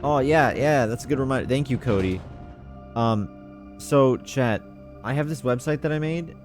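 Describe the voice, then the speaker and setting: A man's voice: medium pitch, moderate pace, soft background music. A man streaming a puzzle game, chatting in a laid-back, rambling, self-mocking way. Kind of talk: casual gameplay commentary.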